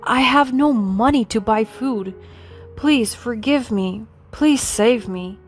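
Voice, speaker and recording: A woman's voice: on the high side, slow. A woman voicing a desperate, broke grown husband who pleads for help, over faint music. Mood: pleading. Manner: begging, pleading.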